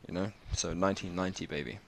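A man, rambling in a slangy, casual monologue that turns animated as he tells stories. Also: low-pitched, fast talker, gravelly, slight background noise. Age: 20s.

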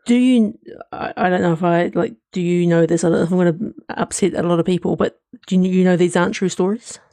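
A man's voice: sits high, fairly even intonation, quick pace, mellow. A man co-hosting a casual podcast about shows, easygoing and hedging, with lots of "like" and "kind of". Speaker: podcast co-host. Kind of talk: casual entertainment review chat.

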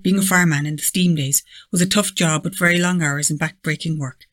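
Slightly high male reader, memoir narration, measured and plain, dry close sound. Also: fairly even intonation, a bit bright, no echo. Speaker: reader of a submitted manuscript. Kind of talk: read-aloud memoir narration.

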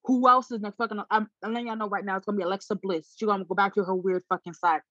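A woman's voice: mid-range voice, steady tone, very fast, fairly bright tone, no room sound, lo-fi sound. A woman venting bluntly in casual chat, exasperated and swearing freely.

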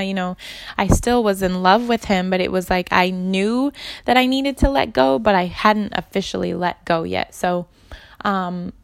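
Woman vlogger with a gravelly voice, chatty and animated, acting out quotes. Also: on the low side, dry recording. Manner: chatty, animated, quoting others with lively voices. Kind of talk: casual storytelling to viewers.

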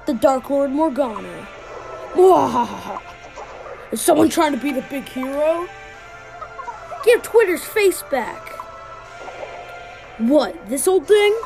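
A woman voicing a cruel, theatrical dark lord villain in a video game, hammy and menacing with evil laughs. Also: high voice, expressive, slow pace, pauses often, music in the background, exaggerated voice, rough recording. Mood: taunting.

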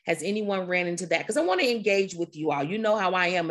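A woman's voice: fairly low pitch, fast talker, hardly any pauses. Woman coach on a video call, voice a bit strained, chatty and upbeat, laughs a lot. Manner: energetic, conversational, with laughs and repetitions. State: slightly strained voice. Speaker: coach leading an online group session. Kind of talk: motivational talk to a group.

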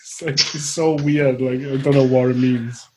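A man's voice: mid-range voice, fairly even intonation, normal speed, dark tone, faint music behind. A Welsh man co-hosting a podcast, easygoing and laughing along. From Wales. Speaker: podcast co-host. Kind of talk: casual podcast chat.

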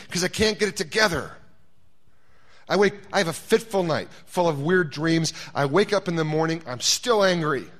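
A man's voice: fairly high pitch, fairly bright tone. A male pastor preaching a sermon, telling candid, self-deprecating stories.

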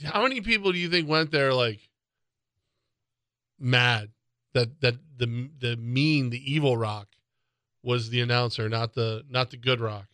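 A man's voice: mid-range voice, unhurried, pauses often, bright, forceful tone, clean tone, no room sound. A middle-aged man hosting radio sports talk, rambling and interrupting himself as he tells stories at a studio mic. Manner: rambling, self-interrupting storyteller.

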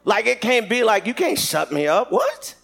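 High-voiced animated male preacher. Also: normal speed, vocal fry. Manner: animated, shouting at peaks, laughing. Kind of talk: sermon.

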